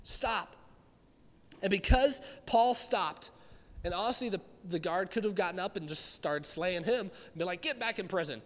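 A man preaching a sermon, animated and climbing to shouts when he acts out scripture. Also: sits high, normal speed. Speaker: pastor. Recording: long hall reverb.

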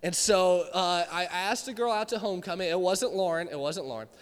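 A man's voice: sits high, fairly quick, clear, resonant tone. A young man giving a youth sermon, telling stories animatedly and acting out his own reactions. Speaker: youth pastor. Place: church hall with live audience. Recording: reverberant hall.

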